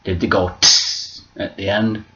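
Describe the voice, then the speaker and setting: A man's voice: low voice, measured pace, soft background music. A man talking to camera in a casual, rambling vlog monologue, off the cuff and sweary. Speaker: vlogger. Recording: muffled lo-fi recording.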